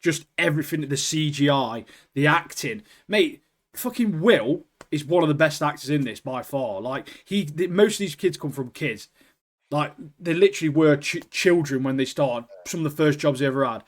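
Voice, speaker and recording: Excitable British lad, says mate a lot. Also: male voice, fairly high pitch, normal speed. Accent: British English. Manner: excitable, says "mate" constantly, swears casually. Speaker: podcast co-host. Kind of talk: casual chat.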